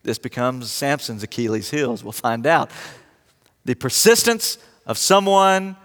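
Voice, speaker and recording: A man preaching a sermon as pastor, retelling a story with lively humor and acting out the characters' lines. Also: mid-range voice, measured pace. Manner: storytelling, animated, acts out quotes in voices. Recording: long reverb of a large hall.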